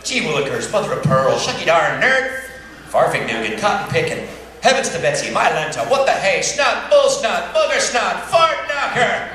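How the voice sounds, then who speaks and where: A man performing a stand-up comedy routine, playfully rattling off a rapid list of mild swear words. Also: sits high, very animated. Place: live comedy venue with audience. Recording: echoey stage audio from far off, loud crowd laughter and noise. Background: laughing audience.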